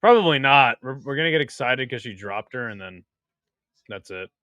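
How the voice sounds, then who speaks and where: A young man hosting a casual live-stream watch party, crude and excitable, joking with his chat. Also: medium pitch, moderate pace, no echo.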